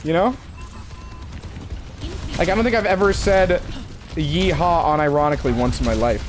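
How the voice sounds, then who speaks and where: A man's voice: fairly high pitch, normal speed, noisy background. An American man hosting a casual voice chat while gaming, chatty and laughing often, on a headset mic. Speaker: streamer host.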